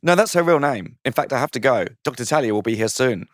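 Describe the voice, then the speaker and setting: A man's voice: medium pitch, expressive, fast, no room sound, studio quality. A man, a comedian, reading out his saucy comic story with a playful manner, often laughing at his own jokes.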